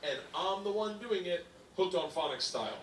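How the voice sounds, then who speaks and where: A man doing stand-up storytelling, loud and rambling, often laughing at his own story. It is a stand-up clip replayed in an echoey room. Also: high-pitched, lively intonation, normal speed, recorded from a distance, background noise. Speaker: stand-up comedian.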